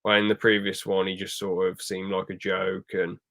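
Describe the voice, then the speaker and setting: A young man reviews a film in loose podcast chat, his voice sitting slightly low. He rambles, breaks off mid-sentence and restarts, and acts out quoted lines along the way. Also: monotone, normal speed, vocal fry, pushed and bright. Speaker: podcast host.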